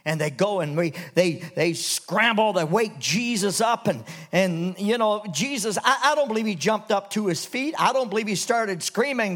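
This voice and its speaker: A man from Canada preaching a revival sermon in church, dropping to hushed lows and rising to loud, soaring highs. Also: lively intonation, normal speed, hardly any pauses.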